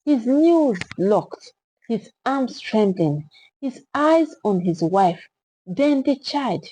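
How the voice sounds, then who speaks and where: A woman's voice: fairly high pitch, sing-song, slow pace, mellow, a little hiss or hum, rough recording. A woman narrating a dramatic story with emphatic delivery.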